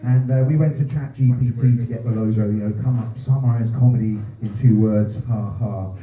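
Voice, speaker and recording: A man from North doing a stand-up set, ranting and swearing with dry deadpan asides. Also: mid-range voice, brisk, very noisy. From North London. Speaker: stand-up comedian. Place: small pub comedy room. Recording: roomy, distant, phone-like sound. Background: audience laughter.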